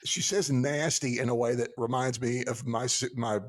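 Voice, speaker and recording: A man's voice: medium pitch, steady tone, moderate pace, dry recording, clean studio sound. A man from the American South co-hosting a podcast, chatting and rambling with frequent laughs and restarts. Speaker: podcast co-host. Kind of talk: casual podcast chat.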